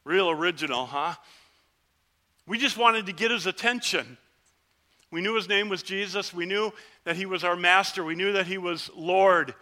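One of ten lepers is voiced by a man with a high voice, moving at a moderate pace. Telling his story as a first-person dramatic sermon, he's an earnest, vivid storyteller who shouts the plea and then softens to a hush.

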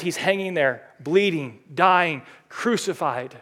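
A male pastor preaching a sermon, building to loud, high climaxes and then dropping to quiet, earnest passages. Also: moderate pace.

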